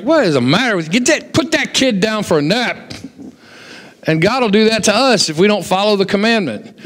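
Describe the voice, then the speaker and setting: A pastor preaching a sermon, telling stories and acting out the voices of the people in them. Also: male voice, a little high. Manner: animated storyteller, acts out quoted voices. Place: church sanctuary. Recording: long hall reverb in a church.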